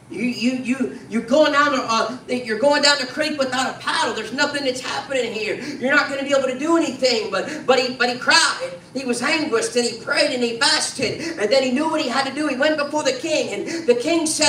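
A man's voice: very high-pitched, moderate pace, bright, forceful tone. A man preaching a sermon, earnest and conversational, often tagging his sentences with "man" and restarting his phrases. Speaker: pastor. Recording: distant mic in an echoey room with faint noise.

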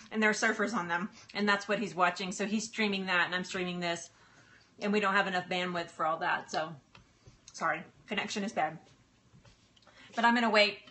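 Middle-aged woman, bright tone, laughing cooking host chatting live from her kitchen. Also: mid-range voice, fairly even intonation, normal speed, pauses often. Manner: chatty, laughs often, apologetic, stalls with fillers. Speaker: livestream cooking host and health coach. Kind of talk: casual live-stream chat while cooking. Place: home kitchen.

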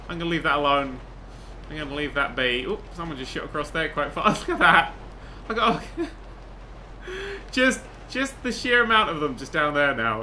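A young man giving excitable gameplay commentary, swearing, laughing and humming tunes as he plays. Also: a little high, a little hiss or hum. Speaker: gaming video host.

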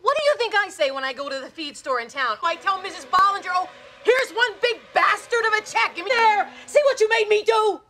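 A woman's voice: extremely high pitch, lively intonation, brisk, bright, forceful tone, exaggerated voice. An actress playing a volatile, obsessive middle-aged woman caretaker who swings between prim scolding and gushing apology, in a film drama.

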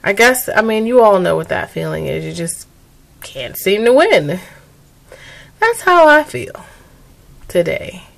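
A woman's voice: lowish voice, expressive, moderate pace, vocal fry. A young adult woman talking through her video diary, weary and emotional, rambling. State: tired. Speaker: vlogger.

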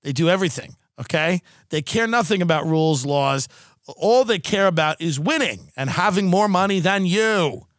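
Sarcastic, high-voiced male podcast host. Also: moderate pace, no room sound, clean studio sound. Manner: sarcastic, profane, animated. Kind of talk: comedic rant.

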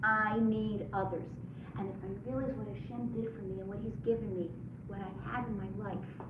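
A woman's voice: medium pitch, a little fast, background noise. A woman teaching a religious study group to a room, earnest, often asking the listeners questions. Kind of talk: religious class talk. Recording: echoey lo-fi room recording from far off.

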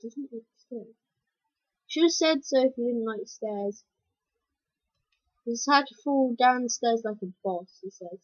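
Woman, gameplay commentary, excitable, slow unhurried talk, dull lo-fi mic. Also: fairly high pitch, slightly rough, no echo. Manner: excitable, yelps and exclaims at the game.

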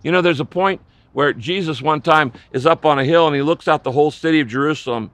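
Impassioned preacher man, higher voice. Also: quick pace, dry recording. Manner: impassioned, swinging between loud emphasis and hushed low lines. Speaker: pastor. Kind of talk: sermon.

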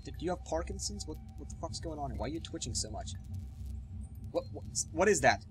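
Young male let's player, swears, lively pitch, game music behind. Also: fast talker. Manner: sarcastic, excitable, swears. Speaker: gaming YouTuber. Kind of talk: let's play commentary. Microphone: webcam setup. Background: game music and sounds.

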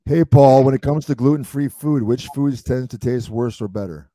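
A man's voice: mid-range voice, normal speed, warm tone, dry recording. A man hosting a livestream, brash and joking with swearing. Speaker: host. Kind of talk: casual livestream chat.

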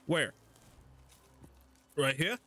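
A man's voice: fairly high pitch, animated, very slow, sharp tone, a little hiss or hum. A man streaming a shooter game, giving joking, profane running commentary as he plays. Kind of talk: casual gaming commentary.

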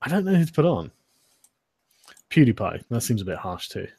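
Casual male stream host, husky, laughing and swearing, dry close sound. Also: medium pitch, big pitch swings, brisk, darkish tone, no room sound. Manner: laughing, swearing, loose and joking. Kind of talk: casual livestream chat.

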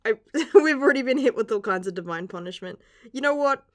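A woman's voice: fairly high pitch, expressive, a little fast. A young woman reacting casually to a manga chapter, gushing and giggling, with casual swearing. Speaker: manga reviewer.

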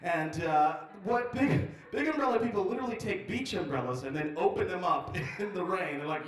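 A man in his forties doing live stand-up, teasing the audience and riffing with wry, sudden loud outbursts. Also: high-pitched, lively intonation, normal speed, hardly any pauses, recorded from a distance. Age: 40s. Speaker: stand-up comedian. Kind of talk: live stand-up with crowd work. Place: lodge performance room. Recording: echoey room recorded from afar.

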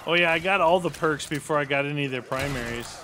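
A man's voice: a little high, fast, pushed and bright, slight background noise. Teasing man in casual gaming chat. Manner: teasing, playful. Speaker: gamer.

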